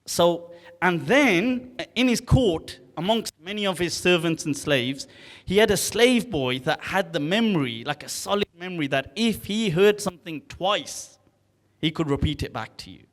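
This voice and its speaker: A man giving a lively storytelling lecture at an event, speaking casually and acting out the dialogue. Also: high voice, normal speed. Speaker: Islamic scholar speaking at an event. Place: large hall at a live event. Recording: long hall reverb.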